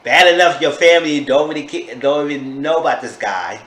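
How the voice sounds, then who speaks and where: A man's voice: a little fast, fairly bright tone. Chatty man recapping in an echoey room. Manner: gossipy, exclaims in sudden high-pitched disbelief. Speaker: TV show reviewer. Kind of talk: casual chatty recap vlog. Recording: echoey room with faint background noise.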